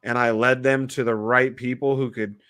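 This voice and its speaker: A man co-hosting a podcast in casual chat, excitable and swearing freely. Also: medium pitch, moderate pace, clear, resonant tone. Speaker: podcast co-host.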